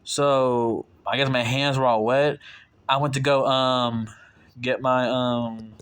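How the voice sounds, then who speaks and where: A man's voice: flat delivery, slow pace, fairly bright tone, smooth. A young man talks straight to his viewers in a loose, rambling way. He piles up fillers and restarts and keeps dropping irritated asides. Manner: voices his own quoted retorts in a sharply raised pitch. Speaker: vlogger telling a work story. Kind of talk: casual storytelling to viewers.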